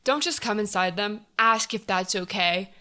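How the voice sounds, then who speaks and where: A young adult woman co-hosting a casual podcast chat, chatty and quick to apologize for cutting in. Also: mid-range voice, bright, forceful tone.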